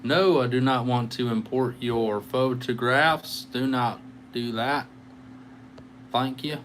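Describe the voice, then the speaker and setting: A man's voice: medium pitch, steady tone, slow pace, fairly bright tone, a little hiss or hum. A tired man rambling and joking with his viewers as he hosts a casual live guitar stream on a microphone. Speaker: livestreaming guitarist.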